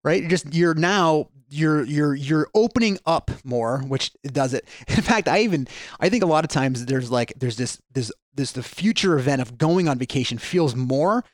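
A man's voice: a little high, animated, moderate pace, no room sound, clean studio sound. A man explaining ideas earnestly in a podcast conversation, with frequent restarts and fillers.

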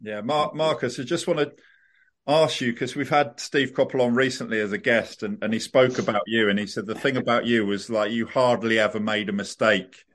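A podcast host asking a guest questions in a polite, slightly halting way. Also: male voice, mid-range voice, fairly even intonation, fairly bright tone. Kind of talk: casual interview.

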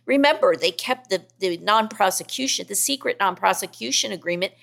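A woman's voice: medium pitch, expressive, brisk, gravelly, a bit bright. A middle-aged woman, an investigative reporter, talking as a guest in a podcast interview in an earnest, emphatic way.

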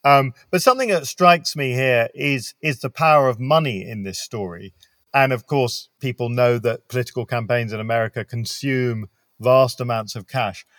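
A British man hosting an interview, asking thoughtful, measured questions. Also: mid-range voice, a bit bright, dry recording, clean studio sound. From Britain. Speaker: interview host.

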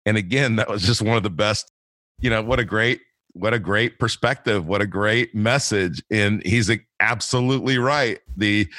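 Man, podcast host, rambling chatty talk, low voice, dry recording. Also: normal speed, pushed and bright, dry recording. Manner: talkative, rambling with restarts. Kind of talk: casual podcast interview.

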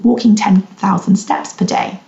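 A woman hosting a solo podcast, gently guiding listeners with reflective questions as a weight-loss coach. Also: medium pitch, fairly even intonation, measured pace, creaky. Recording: roomy, slightly dull recording.

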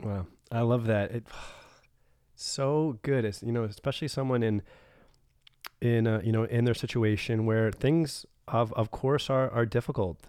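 Give me an enthusiastic male podcast host with a smooth voice and a dry recording. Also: mid-range voice, steady tone, a little slow, darkish tone, dry recording. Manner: enthusiastic, affirming, uses "man" and "like". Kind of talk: casual interview chat.

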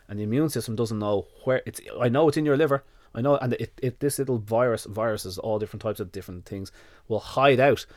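A man's voice: fairly low pitch, darkish tone, no echo, studio quality. A man being interviewed on a podcast as a dog nutrition expert, telling a story with lots of quoted back-and-forth and casual swearing. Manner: swears freely, retells events in quoted dialogue.

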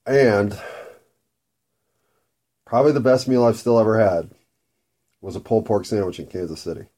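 A man's voice: fairly low pitch, mellow. A man talking in a casual, rambling monologue while he eats, swearing freely as he goes. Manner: profane, rambling and food-obsessed. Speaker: vlogger.

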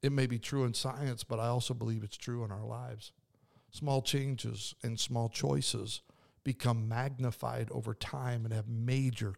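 A creaky, mid-range male voice belongs to a preacher hosting a faith podcast. His devotional talk is earnest and conversational, full of restarts.

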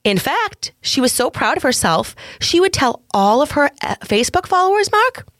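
A woman with a Massachusetts accent co-hosting a podcast, telling crime stories in playful, animated casual banter. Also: high-pitched, moderate pace, dry recording, clean studio sound. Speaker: podcast co-host.

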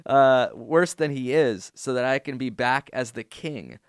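A man's voice: mid-range voice, no echo, studio quality. A man hosting a podcast, reading listener emails aloud with playful emphasis and joking casually. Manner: laughs often, quick jokes. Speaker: podcast host. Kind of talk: casual chat.

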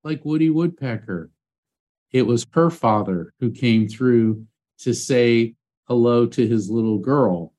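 Man telling lively anecdotes. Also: mid-range voice, slow. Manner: animated anecdotes with acted quotes. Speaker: guest psychic medium. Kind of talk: storytelling interview.

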